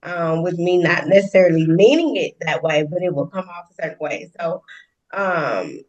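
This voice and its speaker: A woman guest talking openly about her relationship in an interview, expressive, with frequent laughs and emphatic rises. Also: on the low side, normal speed. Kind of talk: candid conversational interview. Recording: distant muffled mic.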